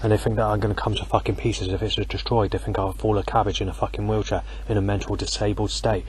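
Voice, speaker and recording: Quick and flat in delivery, his lowish voice carries a constant stream of profanity as he rambles in a fury. He's outside at night speaking into a handheld digital recorder, and a little hiss or hum is audible.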